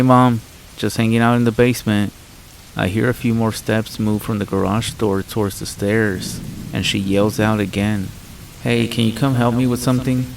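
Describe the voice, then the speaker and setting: A man narrating a first-person horror story in a measured storytelling manner. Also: fairly low pitch, vocal fry, darkish tone, poor audio. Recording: faint rain noise behind voice. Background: rain sounds.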